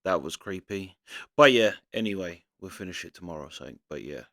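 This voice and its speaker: A man's voice: low voice, lively intonation, fairly quick, a bit bright. A man, a reaction channel host, giving rambling casual commentary full of fillers and half-finished thoughts. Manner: rambling, searching for words, frequent fillers.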